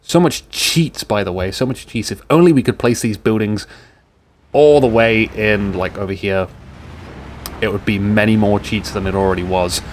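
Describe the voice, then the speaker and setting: A man's voice: fairly low pitch, normal speed, slight background noise. British man joking through game commentary. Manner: joking, rambling, sarcastic asides. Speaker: game caster. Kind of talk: casual game commentary over a replay. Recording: game gunfire and explosions in the mix.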